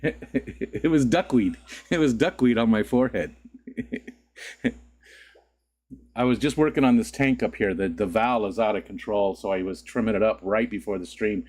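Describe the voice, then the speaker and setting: A man hosting a casual livestream, just woken up, chatting with viewers and greeting them by name. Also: a little mellow. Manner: rambling, greets chat, sudden squeaky voice cracks and laughs. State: just woke up. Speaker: livestream host.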